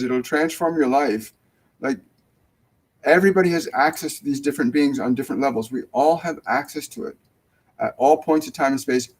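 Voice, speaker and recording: A man hosting a live mediumship show, relaying messages gently and hesitantly, with many fillers and restarts. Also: a little high, low-quality recording. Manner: soft, dropping almost to a whisper when relaying tender messages. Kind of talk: casual live mediumship reading.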